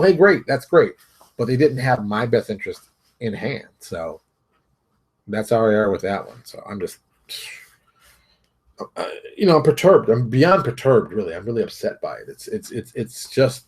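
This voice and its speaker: A man's voice: medium pitch, darkish tone, slightly rough. A man hosting a solo opinion show, talking emphatically, repeating his points and restarting sentences as he goes. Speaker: host and game publisher.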